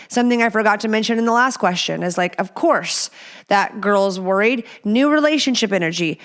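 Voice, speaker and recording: Woman host, chatty and profane, smooth clear tone, casual advice delivery. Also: mid-range voice, moderate pace. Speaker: podcast host.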